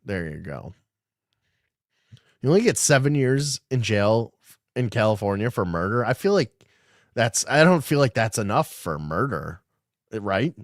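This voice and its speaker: A man's voice: fairly low pitch, sing-song, normal speed, pauses often, no room sound, clean studio sound. A man hosting a casual podcast, reading news aloud and riffing on it in a rambling, sarcastic way with frequent swearing. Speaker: podcast host.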